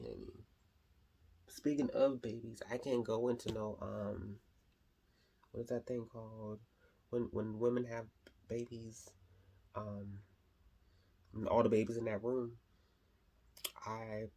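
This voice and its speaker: A woman vlogging casually to camera, chatty and expressive, often calling viewers honey. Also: a bass voice.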